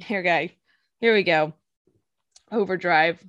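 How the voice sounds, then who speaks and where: A woman's voice: fairly low pitch, slow pace, no room sound, dull audio. Giggly woman in casual chat. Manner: giggly, animated, acts out quotes in silly voices. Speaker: podcast co-host. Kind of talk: casual chat recapping an anime episode.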